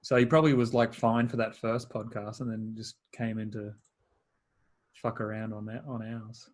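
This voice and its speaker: A man's voice: lowish voice, little pitch movement, moderate pace. A man hosting a casual gaming podcast, laid-back and swearing freely, laughing often. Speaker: podcast host. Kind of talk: casual chat.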